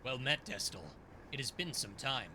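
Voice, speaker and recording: Guy putting on a deep low stern angel teacher, formal and commanding, game voice. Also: animated, moderate pace, background noise, natural voice. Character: stern, solemn male angelic mentor.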